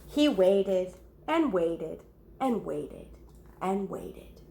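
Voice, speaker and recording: A woman reading a story aloud to children, pausing to ask the young listeners questions and gasping or whispering for effect. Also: on the low side, very animated, creaky, mellow, a little hiss or hum.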